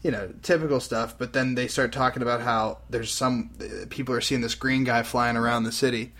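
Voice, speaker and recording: Animated young man retelling a comic. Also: mid-range voice. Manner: animated retelling, acts out characters in quick put-on voices. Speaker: podcast host recapping a comic. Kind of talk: casual chat.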